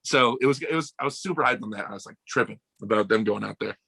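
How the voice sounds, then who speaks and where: A young American man telling stories in a casual podcast chat, animated and swearing, acting out the people he quotes. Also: lowish voice, fast, vocal fry, slightly rough, no echo. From United States. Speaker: podcast guest.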